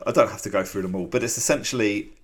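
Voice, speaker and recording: A man with a low, deep voice, talking in a loose, rambling way full of ums and small laughs. He co-hosts a casual podcast chat. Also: racing, a crowd in the background. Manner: chatty and rambling, with many fillers and laughs. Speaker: podcast co-host.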